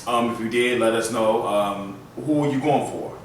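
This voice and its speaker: A man with a lowish voice tells a story on his vlog, chatty, animated and loose. The sound carries a heavy room echo, as if the mic sits well away from him, with a faint hiss under it. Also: moderate pace. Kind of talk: casual storytelling. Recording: very echoey room, mic at a distance.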